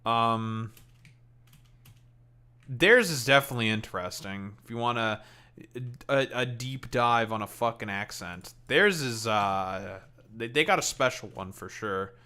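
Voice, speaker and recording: Bright-voiced Canadian man, offhand and profane. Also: mid-range voice, unhurried, clean tone. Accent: Canadian English. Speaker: streamer. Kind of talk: casual chat while playing a game.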